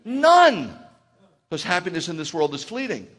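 With a high voice and a measured pace, a middle-aged rabbi gives a sermon in a conversational style. His quiet asides give way to loud bursts of excitement.

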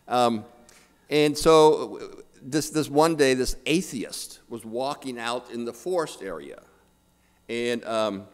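An older priest preaches with a lively, swinging pitch, stumbling over repeated words and tossing in "okay?" as he goes. His voice carries a long reverb through the church. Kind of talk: sermon with humor.

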